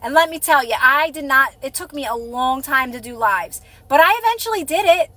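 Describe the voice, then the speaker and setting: A woman's voice: high voice, expressive, fairly quick, pushed and bright, no echo. A woman hosting a live stream, chatting casually and encouragingly with her viewers, rambling and restarting her sentences.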